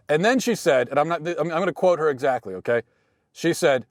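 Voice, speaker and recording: A man's voice: fairly high pitch, fast talker, no room sound. Man, American accent, host, casual monologue, dry sarcastic humor, stumbling restarts, dead-dry room. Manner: wry, deadpan humor with frequent restarts. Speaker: podcast host.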